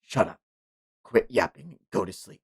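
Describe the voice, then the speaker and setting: A man's voice: fairly low pitch, animated, moderate pace, vocal fry, breathy edge, voice pushed down, full character voice. A man voicing an arrogant, ancient male villain god who talks with contempt and barks commands. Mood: scornful.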